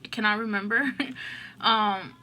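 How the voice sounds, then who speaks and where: A woman's voice: mid-range voice, steady tone, a little slow, sharp tone. A woman hosting an eating show, telling a story in a rambling, casual way full of "like" and "oh my gosh.". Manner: rambling, filler-heavy, lots of "like" and "oh my gosh".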